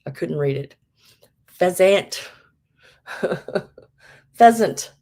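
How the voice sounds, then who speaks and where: A woman's voice: fairly low pitch, expressive, very slow, mellow. A middle-aged woman hosting a live vintage sale, chatting casually with many fillers and laughing at herself. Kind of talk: casual live-stream selling.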